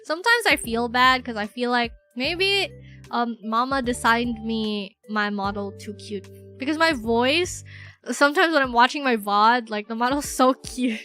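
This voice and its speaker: Bright-voiced, giggly young woman streamer. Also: fairly high pitch. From Philippines. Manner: rambling, giggly, filler-heavy, self-mocking. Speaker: VTuber streamer. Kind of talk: casual livestream chat.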